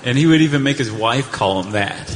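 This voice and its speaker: American man, mid-pitched voice, live podcast co-host, playful wry asides, long hall reverb. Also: expressive, brisk. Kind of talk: live comedic storytelling on stage. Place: large hall with live audience. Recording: live hall recording with faint noise.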